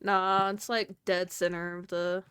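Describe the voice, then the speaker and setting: A woman's voice: on the low side, flat delivery, measured pace, fairly bright tone, smooth, no echo, clean studio sound. A woman streaming and chatting casually while gaming, teasing and laughing often.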